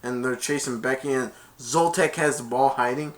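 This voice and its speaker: A man casually retelling a movie plot as a reviewer, stringing events together with "and then" and jumping into loud high-pitched character quotes. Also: moderate pace.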